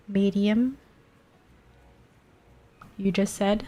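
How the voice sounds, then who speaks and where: A woman's voice: mid-range voice, lively intonation, unhurried, long pauses, faint music behind. A young Australian woman streaming live, chatting casually in a rambling, giggly, playfully crude way.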